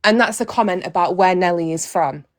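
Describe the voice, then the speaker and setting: A woman's voice: fairly low pitch, fairly quick, no echo, clean studio sound. A woman hosting a casual livestream on a phone mic, blunt and profane, talking straight to her viewers. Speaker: livestream host.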